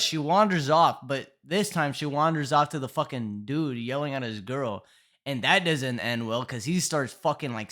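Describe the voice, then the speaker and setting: A man's voice: mid-range voice, fairly bright tone. A young man telling a storytime in casual, profane slang, rambling with constant fillers.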